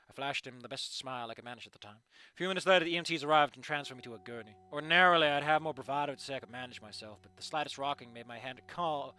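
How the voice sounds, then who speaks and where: A man reading a story aloud and breaking off with animated, sarcastic asides to the characters. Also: fairly high pitch. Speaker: fanfiction reader.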